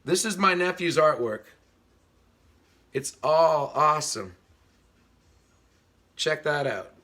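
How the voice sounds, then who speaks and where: A man's voice: a little high, lively intonation, slow pace, bright, forceful tone. A man hosting a casual livestream chat, rambling as he greets viewers and reads their comments while fiddling with the stream. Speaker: livestream host.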